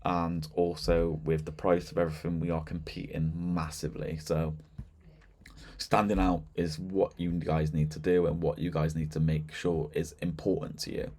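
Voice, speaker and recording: In this laid-back product demo over screen share, a man with a low voice talks through the software at a moderate speed. His chatty delivery is full of fillers and repeated "so yeah."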